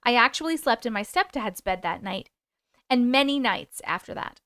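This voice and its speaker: A chatty woman hosting a livestream, with a voice pitched a little higher than most. She reads stories out and answers viewer comments as they come in. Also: expressive, moderate pace, a bit bright. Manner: chatty, talks back to viewer comments, sings snatches of songs. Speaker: host reading viewer stories. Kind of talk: casual livestream chat and story reading.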